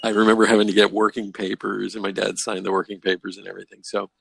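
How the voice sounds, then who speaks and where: Gravelly-voiced older man telling stories. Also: on the low side, quick pace, no echo. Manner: animated storyteller who acts out quoted voices. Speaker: host. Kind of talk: casual storytelling discussion. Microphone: video call.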